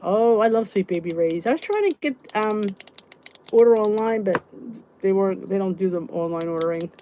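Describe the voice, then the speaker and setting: A woman's voice: mid-range voice, animated, normal speed, mellow, a little hiss or hum. A middle-aged woman hosting a casual weight-loss live stream, chatting and answering viewers' comments as she goes. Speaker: weight-loss vlog host reading live chat.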